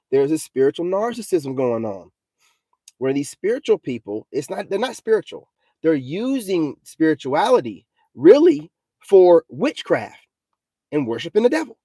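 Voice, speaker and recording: Preachy ranting man, mellow voice. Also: sits high, no room sound. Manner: preachy and combative, repeats himself, says "you know what I'm saying" often. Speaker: self-styled spiritual vlogger. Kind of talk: ranting vlog monologue.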